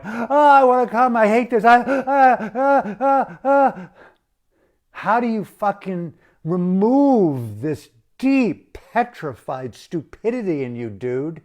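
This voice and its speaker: A man in an impassioned, blunt political rant full of profanity, speaking with open outrage. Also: mid-range voice. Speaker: activist speaking to camera.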